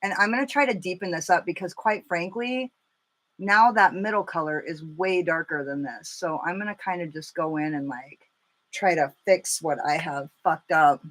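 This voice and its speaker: A woman in her thirties chatting casually and cursing freely as she does her makeup live for viewers, telling stories with animated energy. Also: lowish voice, normal speed. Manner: chatty, profane, animated storytelling. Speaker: makeup vlogger.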